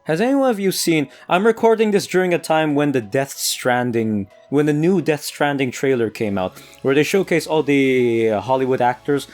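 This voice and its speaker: An American man chats over a racing game, his pitch leaping up and down as he laughs and restarts his sentences. Soft game music plays faintly behind him. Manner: animated, laughs often, trips over restarts. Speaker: let's play gamer. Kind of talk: casual gameplay commentary.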